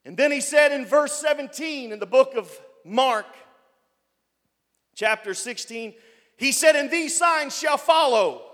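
Man, pastor, very high voice, shouting sermon, long echo. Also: lively intonation, measured pace. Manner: preaching with rising shouts. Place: church.

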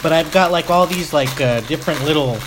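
Woman co-host, low voice, relaxed chat, faint hiss behind. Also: fairly quick. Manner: laid-back, swears casually, talks while chewing. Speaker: podcast co-host. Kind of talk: casual chat, snack tasting. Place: indoors at a table with a microphone.

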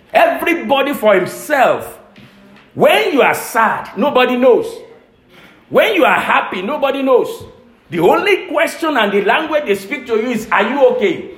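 A man's voice: very high voice, fairly bright tone. A male pastor preaching a sermon, emphatic, repeating key phrases for weight. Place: church service. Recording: echoey church room.

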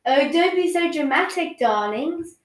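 A woman's voice: sits high, expressive, measured pace, pitched above the performer's own voice. A woman reading the lines of a cheerful, reassuring mother of five in a storybook, recorded in an echoey room.

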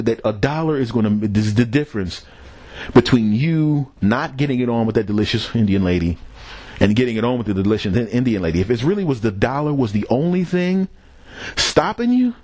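A man's voice: mid-range voice, lively intonation, a little fast, darkish tone, no echo. A man hosting a podcast, telling a rambling, profane story in a casual solo monologue and chuckling at his own jokes. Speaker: podcast host.

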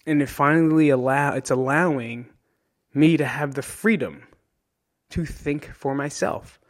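Higher-voiced man musing candidly. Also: a little slow. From New Jersey. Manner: candid, emotional, swears freely; ends points with "right?". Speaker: podcast host. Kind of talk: solo reflective monologue.

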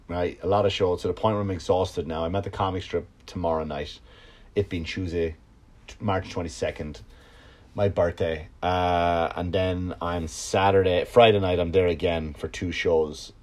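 A man, a comedian and podcast host, telling a story in a casual, profane monologue that swings from loud outbursts to low mutters.

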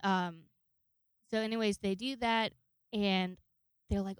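A woman's voice: medium pitch, measured pace, long pauses, smooth, no room sound. A woman in her twenties telling a personal story in a rambling, profane way, laughing often. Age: 20s. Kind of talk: casual storytelling.

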